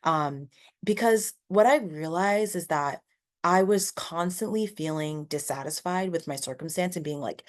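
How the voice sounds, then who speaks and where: A woman's voice: low-pitched, unhurried. A woman hosting a solo motivational podcast, talking casually and earnestly with lots of "like" fillers and rambling asides. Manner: earnest and encouraging. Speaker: podcast host.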